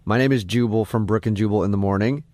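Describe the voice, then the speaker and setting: A man with a fairly low voice hosts a morning radio show, bantering with a joking, self-deprecating manner. He talks into a studio mic in a dry, dead room. The sound is close and clean. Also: fast, darkish tone, no echo. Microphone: studio microphone.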